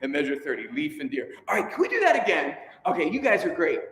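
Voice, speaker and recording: Fast and a bit bright, this man's fairly high voice swings hugely in pitch as he directs a choir rehearsal. He coaches and teases the singers cheerfully, counting them in. A long reverb fills the large, echoey rehearsal room.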